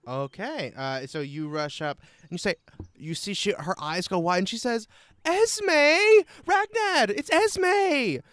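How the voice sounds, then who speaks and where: A man's voice: fairly high pitch, expressive, normal speed, fairly bright tone, no echo. A man narrating a tabletop game as game master, rambling with fillers and restarts.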